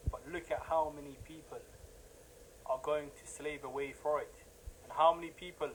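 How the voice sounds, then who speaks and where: In a notably high voice, a man gives an impassioned religious lecture, hammering points through repetition and building into heated, emphatic bursts. The audio is poor, with a little hiss or hum.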